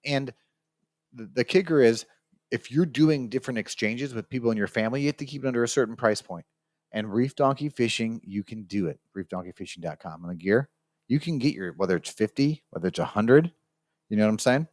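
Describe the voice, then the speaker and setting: On a casual podcast, a male co-host rambles through an anecdote and acts out the people in it. His medium-pitched, darkish voice is expressive and fairly quick, recorded on a studio mic with no echo.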